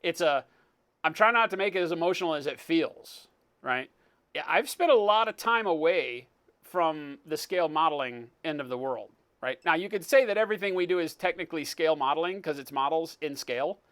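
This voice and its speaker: Higher-voiced man joking through a live stream. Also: lively intonation, fairly quick, a bit bright. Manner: joking, rambling, greets chat by name. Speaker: livestream host, miniature painter. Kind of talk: casual live-stream chat.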